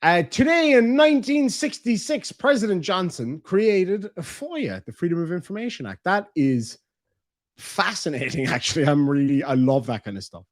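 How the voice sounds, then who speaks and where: An Irish man chats on a livestream, reading viewer messages and tossing out crude jokes and banter. His voice sits a little higher than most men's. The sound is dry and close. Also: expressive, normal speed, no room sound. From Ireland. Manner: joking, banter-filled, playfully crude. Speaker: livestream host.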